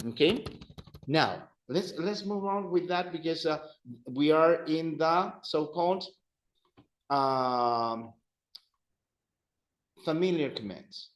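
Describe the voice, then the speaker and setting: Slow, patient male language teacher. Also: on the high side, lively intonation, reverberant, poor audio. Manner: patient, repeats phrases for drilling. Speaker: Spanish teacher. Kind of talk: classroom teaching. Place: classroom.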